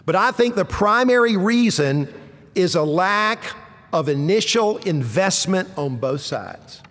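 A male pastor preaching a sermon, telling stories with dramatic pauses and dropping low and quiet for punchlines. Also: animated. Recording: long reverb of a large hall.

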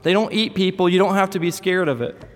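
A man's voice: high voice, quick pace, voice pushed up, lightly acted. A man voicing an earnest four-year-old boy who insistently lectures his little sister, heard in a church hall. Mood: reassuring.

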